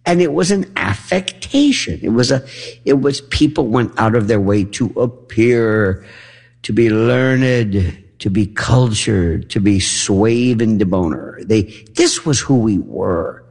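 A husky, gravelly man speaks in a loose, animated monologue. He rants and fires off rhetorical questions, and his pitch leaps up and down as he goes. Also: slow pace. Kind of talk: casual monologue, animated storytelling.

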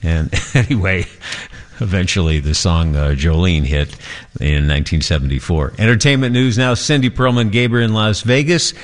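A man anchoring a morning entertainment news segment, chatty and relaxed, with frequent fillers. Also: sits low, moderate pace.

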